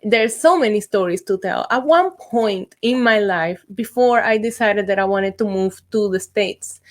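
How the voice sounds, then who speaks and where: A young woman from Puerto Rico hosting her own vlog, chatting and telling a spooky story in an excitable way, with ums and asides. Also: mid-range voice, unhurried. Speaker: YouTube host.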